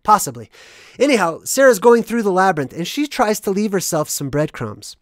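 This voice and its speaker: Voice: medium pitch, sing-song, a little fast, dry recording. Rambling vlogger with a dry voice. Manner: rambling, constant "right?" tag questions. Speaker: movie analysis vlogger. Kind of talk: casual monologue explaining hidden meanings.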